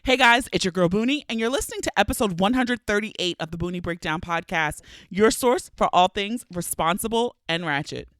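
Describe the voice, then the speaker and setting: A woman's voice: medium pitch, brisk, few pauses, dry recording. A woman in her thirties hosting her own podcast, chatty and playful, a little stuffy from allergies, talking close to the mic. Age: 30s. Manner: chatty, playful and animated, laughing often. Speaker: podcast host. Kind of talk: casual podcast monologue.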